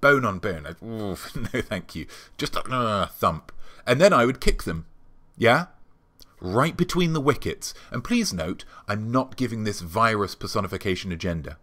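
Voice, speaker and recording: A man hosting his show, delivering a rambling, deadpan comic monologue full of ums. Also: lowish voice, normal speed. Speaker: show host.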